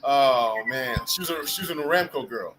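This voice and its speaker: A man's voice: medium pitch, lively intonation, normal speed, crowd noise, poor audio. A man hosting a live group video call, telling rambling, profane stories with bursts of laughter. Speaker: host of a live group chat. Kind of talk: casual storytelling chat.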